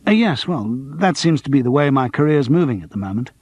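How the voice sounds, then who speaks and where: A man playing a polite, slightly hesitant actor in an audiobook who chooses his words with care. His voice is husky, and the recording is dry and close. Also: mid-range voice, lively intonation, fairly quick, a little mellow, dry recording. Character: wry, struggling middle-aged male actor.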